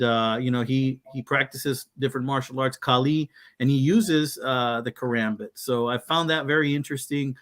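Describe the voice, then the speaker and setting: A man's voice: medium pitch, fairly bright tone. A man from Texas chatting casually on a live video call, showing off his knives in a rambling, laid-back way with many fillers. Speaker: knife channel guest. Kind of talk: casual live-stream chat.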